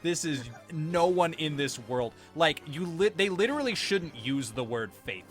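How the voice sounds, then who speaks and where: A man's voice: a little high, expressive, a little slow, faint music behind. A man co-hosting a gaming podcast, talking loosely and swearing, often slipping into mock voices of game characters. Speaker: podcast co-host. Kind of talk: casual gaming podcast chat.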